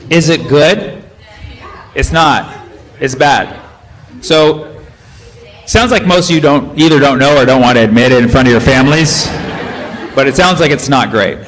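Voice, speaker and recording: A male stand-up comedian working the crowd with animated, teasing banter on a club stage. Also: mid-range voice, a little slow, pauses often. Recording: live stage recording with crowd noise. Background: audience laughter.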